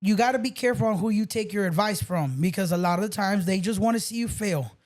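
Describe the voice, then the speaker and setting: A fast-talking man with a high-sitting voice is a guest on a podcast. In casual chat, he tells loose stories, swearing and dropping in bits of Spanish.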